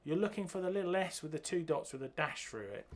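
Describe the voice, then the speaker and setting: A man teaching a bass guitar piece, counting beats and singing the rhythms aloud as he goes. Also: expressive, quick pace. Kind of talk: music lesson walkthrough. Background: bass guitar playing.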